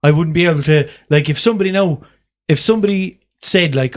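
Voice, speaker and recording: A man's voice: fairly high pitch, brisk, few pauses. An Irish man co-hosting a podcast, joking crudely in casual banter and mimicking voices. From Ireland. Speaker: podcast co-host.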